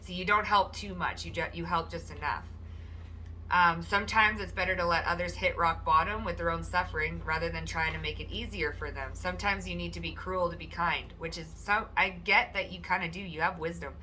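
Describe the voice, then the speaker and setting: Bright-voiced woman giving a casual tarot reading. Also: a little fast, a little hiss or hum. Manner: chatty and loose, acting out quoted people in high animated voices. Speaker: tarot card reader.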